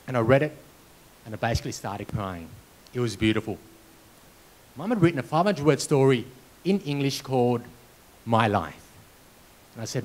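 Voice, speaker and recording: Brief: keynote speaker, mid pitch, lively storytelling with comic timing. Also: male voice, moderate pace, long pauses, low-quality recording. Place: conference hall.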